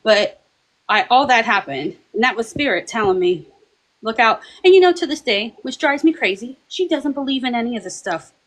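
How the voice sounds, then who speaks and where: A woman on a paranormal discussion panel, telling a personal story in a chatty, animated way and acting out the voices of the people in it. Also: a little high, normal speed, low-quality recording. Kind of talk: casual storytelling.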